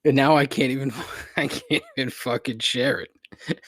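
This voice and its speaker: A podcast host with a mid-range, slightly bright voice rants alone in frustration, swearing a lot and laughing ruefully at himself. His intonation is fairly even and he's unhurried. The studio recording is clean, with no room sound.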